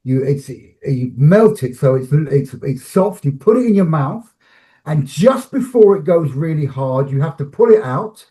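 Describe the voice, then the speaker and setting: A man, a film director and actor, telling animated stories about a shoot in an interview, restarting phrases as he acts out scenes. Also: on the high side, a little slow. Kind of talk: animated anecdotal storytelling.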